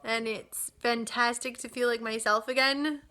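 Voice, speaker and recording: A young woman chatting casually as a vlogger about new motherhood, upbeat and relaxed with fillers and small laughs. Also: a little high, measured pace. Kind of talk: casual chat. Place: home nursery.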